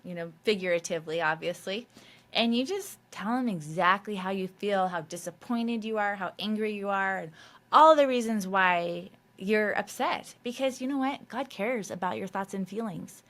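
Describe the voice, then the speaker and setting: A woman's voice: medium pitch, normal speed, a bit bright. A woman hosting a faith podcast, talking casually and loosely, with frequent fillers and mild swearing. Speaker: podcast host.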